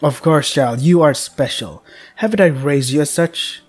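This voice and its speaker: A man voicing a cold, controlling mother in a game, speaking slowly in a low, stern, lecturing way. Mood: coldly lecturing. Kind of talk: voicing a visual novel character.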